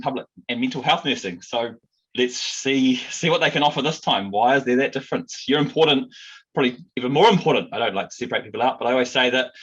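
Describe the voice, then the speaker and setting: NZ man, union president, earnest rallying speech, bright husky tone, lo-fi audio. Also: medium pitch. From New Zealand. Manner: earnest, rallying, many ums. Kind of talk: recorded speech to union members.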